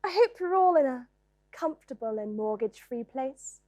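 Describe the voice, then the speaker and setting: Brief: a woman as a high-pitched, lilting wellness host with a spiteful streak. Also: lively intonation, normal speed, mellow, dry recording. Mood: soothing. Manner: soothing with sudden spiteful outbursts. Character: bitter woman acting out a soothing bedtime wellness host. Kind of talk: comedy sketch character.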